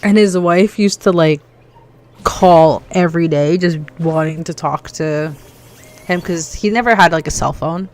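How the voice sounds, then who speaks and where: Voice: mid-range voice, unhurried. A streamer chatting casually while gaming, telling stories with lots of "like" fillers. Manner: chatty storyteller, heavy use of "like".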